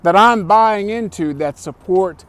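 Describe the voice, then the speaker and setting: A male motivational speaker who talks slowly and deliberately. His voice sits a little high, and he leans on his key phrases and repeats them for emphasis. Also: a bit bright. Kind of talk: motivational talk.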